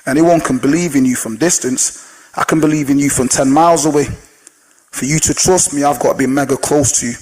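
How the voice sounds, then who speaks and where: A man who trains older people, giving an energetic motivational talk to a live audience, telling stories and putting questions to the crowd. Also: on the high side, poor audio. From Jamaican heritage. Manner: energetic storyteller, asks the audience questions, sings snatches of songs.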